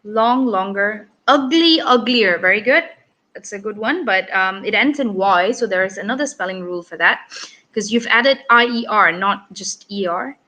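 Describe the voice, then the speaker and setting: A woman's voice: mid-range voice, moderate pace, pushed and bright, rough recording. A woman with a Malaysian English accent teaching an online English lesson for children, upbeat and encouraging as she reads out comments.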